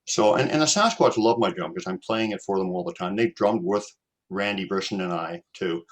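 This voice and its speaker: A man's voice: low-pitched, fairly quick. A Canadian man hosting a casual chat, telling a personal story in a rambling way, with repeated words and many fillers.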